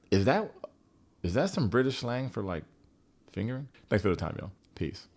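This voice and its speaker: A man's voice: on the low side, very animated, moderate pace, a little mellow. A man hosting a casual reality-TV recap, sarcastic and profane, with joking asides. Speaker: TV recap host.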